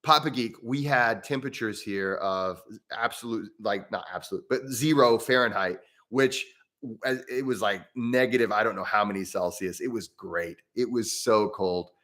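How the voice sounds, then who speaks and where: A man hosting a live stream on breathwork, answering viewer mail in a casual, rambling way with many restarts and easy laughs. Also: normal speed. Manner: rambling and chatty, with frequent restarts and self-corrections; animated, with pitch jumping up and down.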